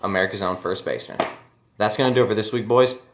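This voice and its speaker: A man's voice: on the low side, fast talker, roomy sound, noisy background. A man hosting a casual fantasy baseball league recap, brash and joking, talking straight to his league mates and swearing freely. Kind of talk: casual solo commentary.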